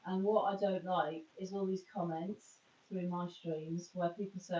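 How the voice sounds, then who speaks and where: A woman with a low, dark voice and fairly even intonation speaks at normal speed during a live makeup stream, chatty and rambling, frequently stopping mid-sentence. The recording carries slight hiss or hum and sounds roomy, distant and dull.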